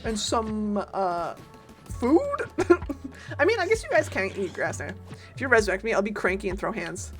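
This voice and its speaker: A woman streamer giving casual, chatty gameplay commentary, reacting loudly and talking to her chat and her game's followers. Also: medium pitch, sing-song, moderate pace, over music.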